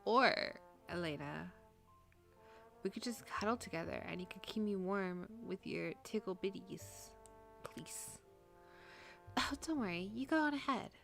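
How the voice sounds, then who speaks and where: A woman's voice: medium pitch, lively intonation, moderate pace, vocal fry, a bit bright, faint music behind. A woman streaming a game, reading its dialogue aloud and breaking into crude, joking outbursts. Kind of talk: casual gameplay commentary and reading.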